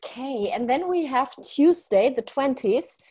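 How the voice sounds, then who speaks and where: A woman's voice: high voice, lively intonation, measured pace, warm tone, breathy edge. A woman co-hosting a conference, casually walking through the schedule in an orderly way. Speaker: conference co-host. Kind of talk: casual chat.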